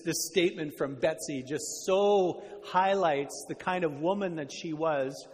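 A man preaching a sermon, telling a story earnestly and slowing down on key words. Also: on the high side, long reverb tail. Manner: earnest, slows down for emphasis.

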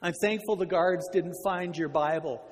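A man voicing a gentle, hopeful older sister who coaxes her sibling, speaking softly. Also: sits high, moderate pace, long reverb tail, natural voice. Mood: thankful.

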